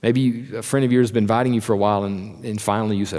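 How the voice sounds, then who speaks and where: Earnest pastor preaching in a reverberant hall. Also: male voice, lowish voice, fairly even intonation, very fast, few pauses, a little mellow. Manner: earnest, asks the congregation direct questions. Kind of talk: sermon. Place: church hall. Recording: church sermon with long hall reverb.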